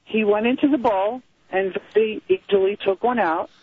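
Very high-voiced, halting male caller. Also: husky, dry recording, phone-quality sound. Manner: hesitant, many fillers and restarts. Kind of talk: casual storytelling.

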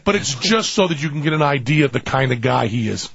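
Gravelly, husky man telling comic stories. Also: fast talker. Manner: animated, laughing, self-mocking, with big pitch jumps. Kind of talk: casual comic storytelling. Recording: dull, dry, slightly muffled sound.

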